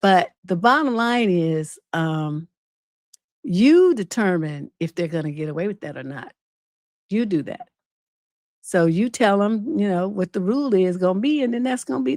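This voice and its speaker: A woman's voice: mid-range voice, normal speed, no room sound, studio quality. A woman relationship coach hosting an unscripted advice livestream, telling stories bluntly and with plenty of profanity. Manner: blunt, profane, animated storytelling.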